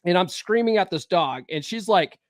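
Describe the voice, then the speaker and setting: High-voiced, profane podcast host. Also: male voice, animated, normal speed, no echo, studio quality. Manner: profane storytelling, acts out shouting. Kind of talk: casual podcast chat.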